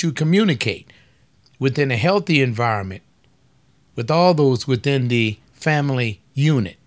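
Man, preaching-style talk, folksy, teasing, rhetorical questions, mid-pitched voice. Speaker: speaker on family life.

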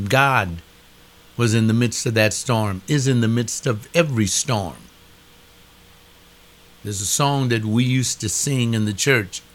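A man's voice: medium pitch, a bit bright. An older man delivering a preaching monologue, emphatic, repeating phrases with a rising preacher's cadence.

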